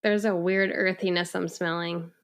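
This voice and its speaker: A woman in her thirties co-hosting a podcast, upbeat and quick to laugh as she chats. Her voice often drops into a gravelly vocal fry. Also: fairly low pitch, little pitch movement, a bit bright. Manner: upbeat, giggly. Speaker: podcast co-host. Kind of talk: casual chat.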